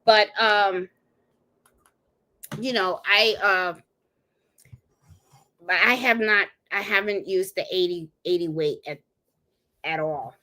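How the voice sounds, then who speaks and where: Bright-voiced chatty craft-stream hostess. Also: female voice, medium pitch, takes it slowly, pauses often. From Puerto Rico. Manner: chatty, talks straight to viewers with many fillers. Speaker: sewing and embroidery livestream host. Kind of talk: casual live-stream chat.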